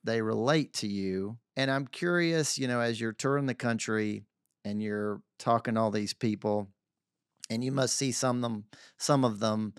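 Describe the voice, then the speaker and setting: A man hosting an interview podcast, asking measured, somewhat halting questions with fillers. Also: lowish voice, smooth, no echo, studio quality. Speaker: podcast host.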